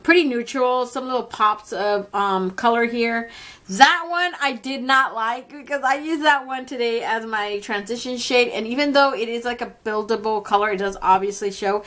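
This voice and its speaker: Brief: young woman beauty vlogger, fairly high voice, chatty and blunt, quick laughs. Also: a bit bright. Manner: chatty, candid, laughs often, mild swearing. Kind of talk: casual makeup review.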